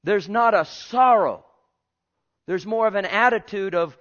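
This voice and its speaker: A male pastor preaching a sermon, swinging between loud and hushed and repeating his phrases, with questions put straight to the congregation. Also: sits high, moderate pace, dull audio. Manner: asks the congregation direct questions.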